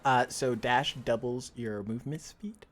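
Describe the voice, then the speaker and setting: A man running a tabletop game as dungeon master, playful and quick to laugh. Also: medium pitch, slight background noise. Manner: laughs often, lively and playful.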